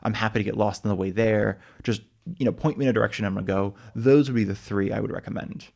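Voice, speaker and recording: A young American man chatting on a travel podcast, talking quickly in a lowish voice with a gravelly edge. He rambles along with plenty of "like" and "you know", and he restarts his sentences often. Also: a little mellow. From United States. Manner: rambling, many fillers and restarts. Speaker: podcast co-host. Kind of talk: casual travel podcast chat.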